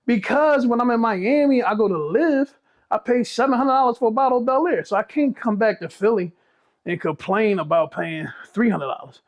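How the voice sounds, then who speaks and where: A man's voice: very high-pitched, normal speed. A man, a business owner telling blunt, profane stories in a casual podcast chat.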